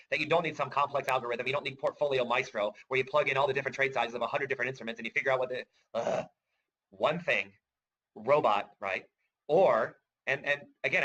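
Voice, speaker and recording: A middle-aged man leads a webinar at a quick clip, eager and talkative, tossing in "right?" and little laughs. His voice is bright and pushing forward. The audio is a bit dull and lo-fi, like a computer mic. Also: mid-range voice. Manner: enthusiastic, chatty, keeps asking "right?" and laughing. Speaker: trading course instructor. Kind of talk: webinar presentation.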